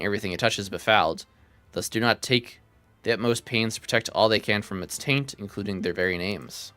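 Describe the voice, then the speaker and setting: Brief: man voicing solemn old-tongue elf sage from a fantasy game, bright low voice, dry sound. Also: no room sound. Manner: old-fashioned formal phrasing, read aloud. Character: archaic-speaking male elf scholar, solemn and wordy. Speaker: streamer reading game dialogue.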